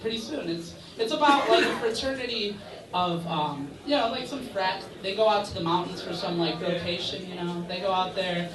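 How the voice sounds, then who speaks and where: A man's voice: sits high, normal speed. A young man doing a stand-up set in a bar, rambling with lots of filler words. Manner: rambling, filler-heavy delivery. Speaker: stand-up comedian. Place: bar comedy stage. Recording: echoey bar, distant mic, crowd.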